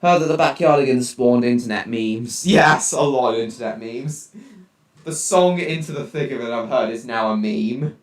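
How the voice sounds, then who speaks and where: A teenage boy chats casually on a home live stream, answering his viewers' messages as they come in. His mid-pitched voice sits some distance from the mic, in a room with a noticeable echo. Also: moderate pace, slight background noise. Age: teens. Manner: chatty, reacting aloud to viewer chat messages. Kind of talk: casual live-stream chat while gaming.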